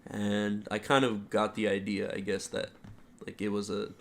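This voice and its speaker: A man's voice: on the low side, moderate pace, gravelly. A young man co-hosting a podcast, casually retelling work stories and acting out the quotes with lots of "like". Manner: animated retelling, heavy use of "like", acts out quotes. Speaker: podcast co-host. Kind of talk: casual storytelling.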